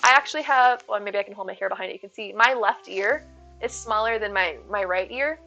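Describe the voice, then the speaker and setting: A woman's voice: medium pitch, fairly quick, gravelly, bright, forceful tone, highs cut off, soft background music. A woman in her thirties streaming live, chatting in a rambling way, reading her chat aloud and thanking viewers.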